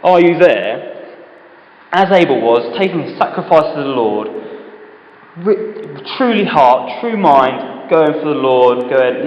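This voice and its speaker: A man's voice: a little high, expressive, measured pace. Man, informal church-group speaker, conversational with rhetorical questions; reverberant hall, dull recording. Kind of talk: informal Bible talk. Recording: echoey hall, dull lo-fi sound.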